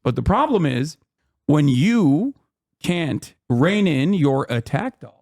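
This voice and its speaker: Male streamer host, casual commentary, emphatic, swears a lot, slightly higher pitch. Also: big pitch swings, slow pace, a little mellow. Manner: heated, swearing, emphatic rants.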